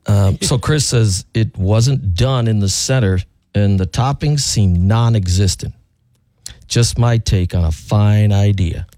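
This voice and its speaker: A man with a low, mellow voice co-hosts a radio show, reading listener messages aloud and cracking jokes. The sound is dry and close. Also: slow, dry recording. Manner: joking, reads listener messages. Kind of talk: casual radio chat.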